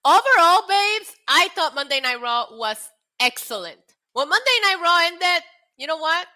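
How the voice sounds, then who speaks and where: A young woman streamer chatting casually on a live stream, telling stories in an excitable, animated way with lots of swearing. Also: sits high, unhurried, a little hiss or hum.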